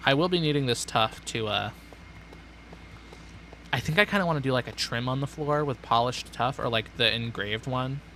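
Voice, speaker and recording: Young man, streamer, bright voice, sardonic, rambling, self-talking. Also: medium pitch, normal speed, slight background noise. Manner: rambling, sardonic, talks to himself. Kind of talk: casual gameplay chatter.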